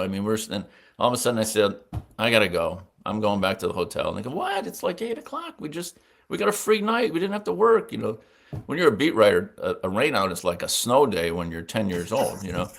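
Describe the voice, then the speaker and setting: A man in his sixties, a veteran sportswriter, telling stories in a casual interview and acting out the voices of people he quotes. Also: deep voice.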